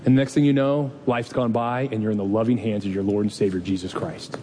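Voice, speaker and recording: A man's voice: fairly even intonation, a little fast, few pauses, warm tone. A man preaching a sermon as pastor, in a conversational, storytelling way with rhetorical questions. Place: church sanctuary. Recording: long reverb hall, faint rumble.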